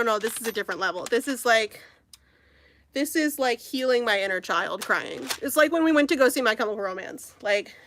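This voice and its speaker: A young woman with a slightly high voice chats away while she works on a craft, gushing about what she loves. She rambles, circles back and fills gaps with "um" and "like", relaxed and unscripted. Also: no echo. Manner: gushing, chatty, rambling with many fillers. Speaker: crochet vlogger. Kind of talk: casual chat while crafting.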